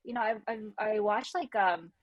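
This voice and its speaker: A woman's voice: mid-range voice, normal speed, dry recording. A woman with a Californian American accent hosting a casual chat, bubbly and laughing often. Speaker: host. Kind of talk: casual video-call chat.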